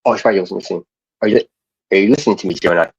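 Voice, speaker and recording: A man's voice: deep voice, racing, gravelly, husky, dry recording, muffled recording. A man chatting casually into earphones, stumbling and restarting his questions and swearing offhand. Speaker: streamer. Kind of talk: casual chat.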